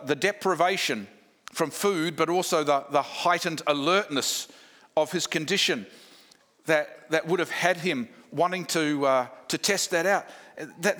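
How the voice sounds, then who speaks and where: Aussie pastor, fairly high bright voice, punchy repeated lines. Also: male voice. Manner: emphatic, repetitive lists, rhetorical questions. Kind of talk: sermon.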